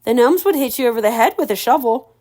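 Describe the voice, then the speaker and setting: A woman's voice: a little high, lively intonation, quick pace, mellow. A woman reading aloud, voicing a wry, good-humored young prince from a storybook. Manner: wry, joking.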